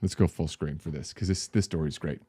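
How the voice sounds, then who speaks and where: A middle-aged man, a pastor, telling a story in a casual, animated way and laughing now and then. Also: rumbling low, fast talker, slightly rough, dry recording.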